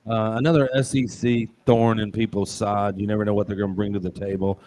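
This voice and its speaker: Low-voiced guy cracking jokes between football picks, rambles a bit. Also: flat delivery, fairly quick, dark tone, a little hiss or hum. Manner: joking, rambling, punchy asides. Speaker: show co-host. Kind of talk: casual sports betting chat.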